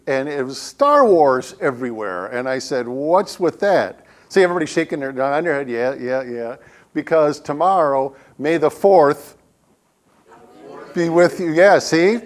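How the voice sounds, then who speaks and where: Man, guest preacher, conversational sermon, humorous storytelling, church sanctuary. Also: a little high. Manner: humorous storytelling, acts out quotes. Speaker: guest speaker.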